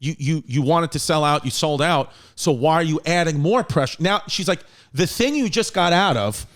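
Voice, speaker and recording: A man in his thirties with a New York accent, hosting a podcast in casual, profane, animated chat and laughing often. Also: on the high side, moderate pace. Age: 30s. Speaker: podcast host.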